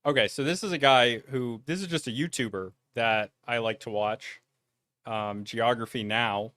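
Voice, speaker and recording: A man's voice: mid-range voice, moderate pace, fairly bright tone, no echo. A man giving casual reaction commentary on videos, thoughtful and conversational. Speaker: YouTube commentator.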